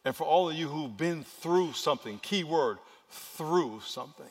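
A pastor preaches to his congregation, his voice sitting a little higher than most men's. He moves from loud, urgent stretches to hushed, intimate ones. The sound carries a long reverb from a large church hall. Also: lively intonation, moderate pace. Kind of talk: sermon.

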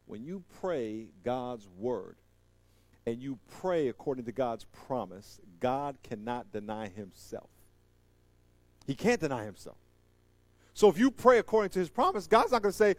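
A man preaching a sermon, animated and joking, swinging from loud emphatic lines to quiet asides. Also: on the high side, normal speed, dry recording. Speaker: pastor.

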